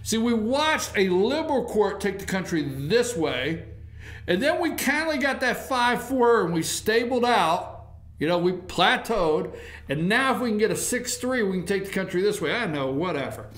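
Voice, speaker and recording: Animated, sarcastic male talk show host. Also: high-pitched, moderate pace, echoey room. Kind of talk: political commentary.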